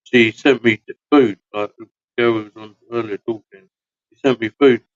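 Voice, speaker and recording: A man's voice: mid-range voice, fairly even intonation, normal speed, dry recording, highs cut off. A man from hosting a long live podcast, chatting casually in a tired, rambling, slangy way. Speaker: podcast host. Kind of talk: casual late-night chat.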